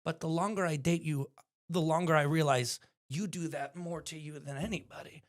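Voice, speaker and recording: A man's voice: fairly high pitch, steady tone, normal speed. A young man co-hosting a podcast in casual chat, playful and always doing bits. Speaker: podcast co-host.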